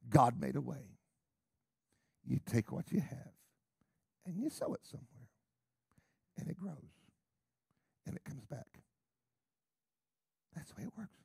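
A middle-aged man preaching a sermon with emphatic repeated questions, dropping to whispers and rising to loud calls. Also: medium pitch, very animated, a little slow, creaky, pauses often, breathy edge, dry recording, studio quality.

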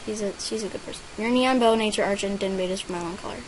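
A woman's voice: medium pitch, quick pace, a little hiss or hum, low-quality recording. Chatty girl narrating her game play. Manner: reads out other players' chat and names as she plays; bursts into excited squeals over gifts. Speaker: gaming vlogger. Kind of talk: casual gameplay commentary.

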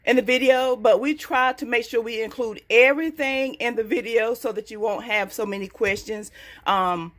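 A woman vlogging about coupon deals, talking casually to camera. She is very excitable and gets loud when thrilled, but talks more quietly while in the store. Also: on the high side, moderate pace. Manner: hushed in the store.

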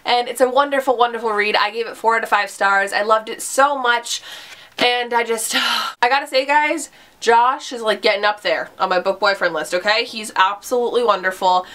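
A woman's voice: mid-range voice, steady tone, brisk, sharp tone. A young woman chatting casually to camera about a book she loved, gushing and full of "like" and "literally". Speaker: book vlogger.

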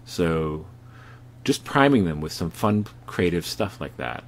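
A man's voice: low voice, sing-song, unhurried, a little hiss or hum. A man lecturing on comics art from home, explaining slide examples with frequent fillers and self-corrections.

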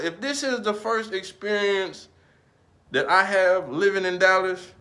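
A young man from Iowa talks on a casual vlog, his voice a little higher than most men's. He walks through a small apartment and gets worked up into loud, profane, laughing rants. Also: normal speed. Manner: animated, swearing, laughing rants. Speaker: vlogger.

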